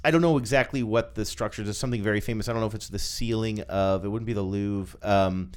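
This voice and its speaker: Man talking casually in a low voice. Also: steady tone, fast talker. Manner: hesitant, thinking aloud with fillers. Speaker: podcast co-host. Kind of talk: casual chat.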